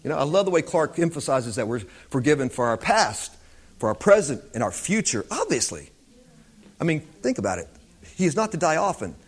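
A man's voice: fairly high pitch, very animated, fairly quick, breathy edge. A man preaching an informal Bible teaching in a conversational way, often repeating himself.

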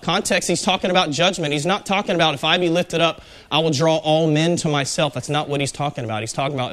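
A man's voice: on the high side, moderate pace, a bit bright. A man teaching a small-group Bible study, talking conversationally and putting questions to the group. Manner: conversational, asks the group questions, frequent fillers.

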